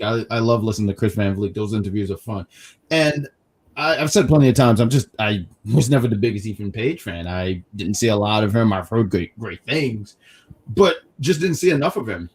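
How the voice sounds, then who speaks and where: A man co-hosting a casual wrestling review stream, talking in quick restarts and reading chat comments aloud. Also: on the low side, animated, slightly rough. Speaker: wrestling review show co-host.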